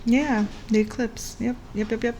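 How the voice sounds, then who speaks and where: There's slight background noise behind this woman's slightly high, a little mellow voice, which keeps a steady tone at normal speed. She gives a relaxed astrology reading, chatting playfully, laughing a lot, and singing along at times.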